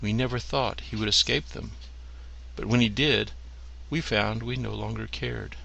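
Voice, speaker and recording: Low, gravelly, bright-edged male reader; dry storyteller, noir delivery. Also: steady tone, moderate pace, rough recording. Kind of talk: reading short stories aloud.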